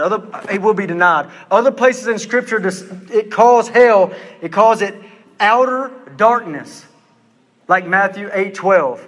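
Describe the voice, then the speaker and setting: A man preaching a sermon, intense and emphatic, slowing down to stress his words. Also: sits high, fairly bright tone, in a large hall.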